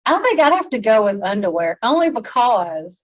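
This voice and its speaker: A woman hosting a casual podcast chat, chatty and quick to laugh. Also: a little high, sing-song, no room sound, highs cut off. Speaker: podcast host. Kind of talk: casual chat, taste-testing.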